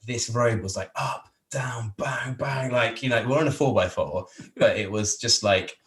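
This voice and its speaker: An English man, a podcast guest, telling a long travel anecdote in a casual, animated, rambling way with frequent laughs. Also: medium pitch, moderate pace. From England.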